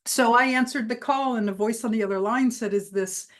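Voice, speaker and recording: A woman giving a motivational keynote, telling a personal story with lively emphasis and punchy phrasing. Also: fairly high pitch, brisk. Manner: lively anecdotal delivery with vivid emphasis. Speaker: keynote speaker and trainer.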